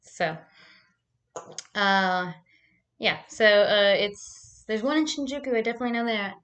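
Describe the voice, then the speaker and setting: A woman's voice: mid-range voice, a little slow, fairly bright tone. Casting: casual woman vlogger, rambling and profane, talking to camera at home. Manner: rambling, profane storytelling with frequent likes.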